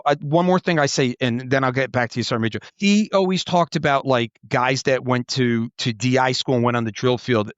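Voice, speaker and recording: A man's voice: mid-range voice, no echo. Rambling middle-aged man, dull dry sound. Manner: rambling, many restarts and swearing. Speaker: podcast host and former Marine officer. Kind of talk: casual storytelling chat.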